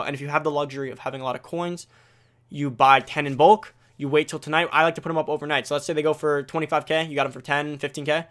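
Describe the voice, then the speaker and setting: A teenage male gaming video creator talking fast and casually, restarting phrases as he explains tips straight to viewers. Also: a little high, fairly even intonation, fairly bright tone. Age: teens. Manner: rapid, self-correcting, talks straight to viewers. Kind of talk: fast casual game commentary.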